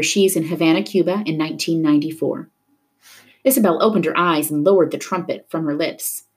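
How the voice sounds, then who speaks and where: A woman reading a children's novel aloud, narrating the story in a steady, expressive way. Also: fairly low pitch, slightly rough. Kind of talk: book read-aloud narration.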